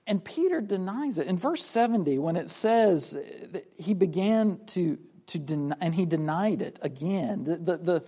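A man's voice: high-pitched, expressive, moderate pace, hardly any pauses, mellow. A man from South Carolina preaching a sermon on a Bible passage. He acts out the voices of the people he quotes and repeats words as he restarts his sentences. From South Carolina, USA.

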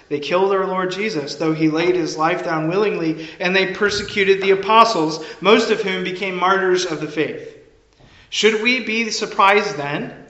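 A man preaching a sermon in a measured, earnest way, now and then restarting a phrase. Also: sits high, bright, forceful tone. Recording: echoey, slightly dull room sound.

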